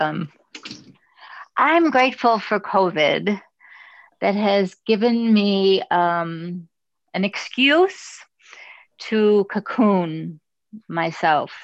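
This woman speaks low and very slowly on a group video call, halting between phrases. The call audio is dull and lo-fi. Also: no echo. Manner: halting, drawn-out, hesitant. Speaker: circle participant.

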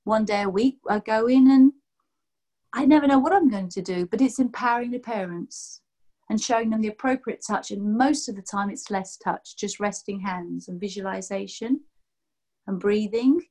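Telling a wandering tale over a video call, a sixty-something massage therapist keeps the chat casual and lively, voicing the quotes of the people involved. She has a mid-range voice and talks at a normal speed.

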